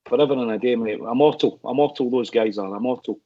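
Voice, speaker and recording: A man's voice: mid-range voice, fast talker, muffled recording. An older man, a panelist who talks emphatically and repeats himself. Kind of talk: casual chat.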